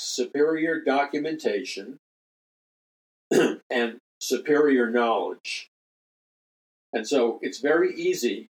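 A man's voice: medium pitch, rough recording. An older man hosting a religious talk radio show, speaking emphatically, repeating key phrases and making earnest appeals to listeners. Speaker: radio show host and minister.

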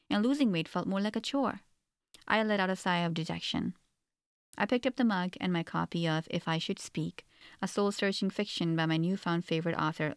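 A woman's voice: on the low side, smooth, dry recording, studio quality. A woman narrating a first-person novel in an earnest, reflective manner. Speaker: audiobook narrator.

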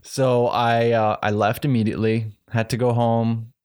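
Podcast co-host: man, animated, chatty storyteller. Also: mid-range voice, normal speed, smooth. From South Africa. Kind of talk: casual chat.

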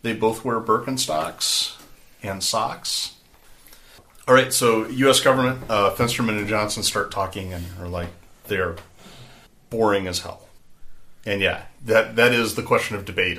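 A man's voice: on the low side, unhurried, sharp tone. A man narrating a tabletop game as game master, rambling and conversational, with many fillers.

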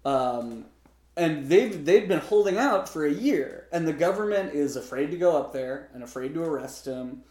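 A man's voice: on the high side, expressive, moderate pace, a little mellow, reverberant. A man co-hosting a podcast, recapping a film in casual chat with wry, profane asides.

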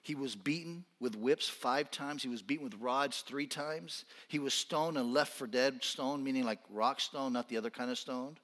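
A man preaching a sermon as a pastor in a church, swinging from intense, almost shouted appeals down to quiet, soft-spoken lines. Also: medium pitch, normal speed, hardly any pauses, long reverb tail. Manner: impassioned, rising to near-shouting then dropping quiet. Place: church sanctuary.

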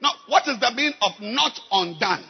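A male pastor preaching a sermon, shouting and exhorting the congregation with a husky voice. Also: extremely high pitch, animated, normal speed, highs cut off, a little hiss or hum. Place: church service. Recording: echoey church hall, crowd faint.

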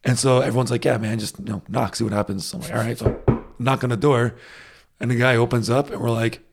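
A man's voice: medium pitch, fast talker, vocal fry, background noise. A man telling a travel story in casual chat, with many fillers and restarts. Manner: rambling, animated anecdotes with many fillers and restarts.

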